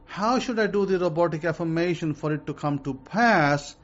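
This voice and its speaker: A man's voice: a little high, normal speed, dull audio. A man teaching a casual self-help lesson. He rambles, repeats himself and uses many fillers.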